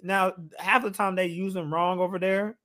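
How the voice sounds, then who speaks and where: A man co-hosting a casual podcast chat, animated and laughing often as he retells a story. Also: high voice, moderate pace. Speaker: podcast co-host.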